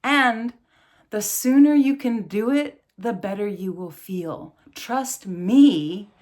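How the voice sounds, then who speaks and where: A woman's voice: mid-range voice, slow, darkish tone. A woman in her thirties, a yoga and meditation teacher, giving an earnest, casual spiritual talk and laughing often.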